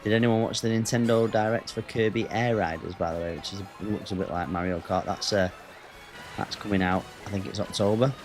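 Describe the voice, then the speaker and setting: A man's voice: lowish voice, fairly even intonation, a little fast, faint music behind. A man with an English accent chatting casually with his viewers as a gaming streamer, rambling and answering the chat.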